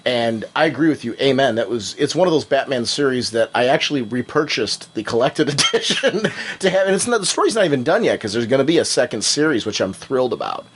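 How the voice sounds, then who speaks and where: A man's voice: medium pitch, very animated, fast, a little hiss or hum. A man co-hosting a podcast in casual chat, speaking emphatically and with conviction. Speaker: podcast co-host.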